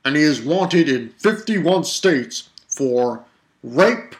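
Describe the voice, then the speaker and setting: A man putting on the voice of an urgent male TV crime-show announcer making a slow, drawn-out public appeal. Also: fairly high pitch, lively intonation. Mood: mock-urgent.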